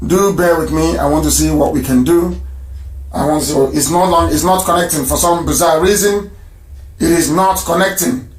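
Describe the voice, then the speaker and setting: Hosting a live radio call-in show, a high-voiced man speaks emphatically, repeating phrases again and again to stress his points. The sound rings in an echoey room.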